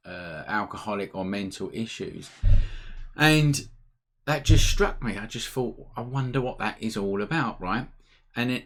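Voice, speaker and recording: A man hosting a casual live photography Q&A from home, chatty and upbeat. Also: fairly low pitch. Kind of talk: casual live-stream chat. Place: home room, indoors.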